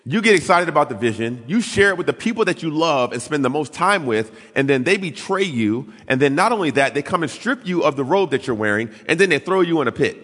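Animated preacher man in a reverberant hall. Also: a little fast, few pauses. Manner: animated, acts out quoted voices with big pitch swings. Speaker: pastor. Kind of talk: sermon with storytelling.

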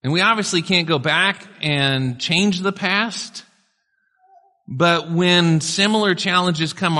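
A man's voice: fairly high pitch, bright, forceful tone. A male pastor preaching a sermon in a conversational style, with casual asides to the congregation. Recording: long hall reverb.

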